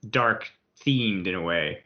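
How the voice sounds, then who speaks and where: A podcast co-host chatting casually about a movie, agreeable and quick to laugh along. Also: deep voice, expressive, muffled recording.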